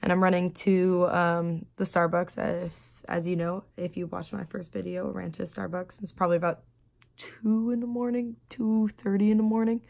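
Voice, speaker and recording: Subdued woman with a low voice, halting. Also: little pitch movement, creaky, darkish tone. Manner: halting, many fillers and restarts. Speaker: vlogger. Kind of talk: personal video diary.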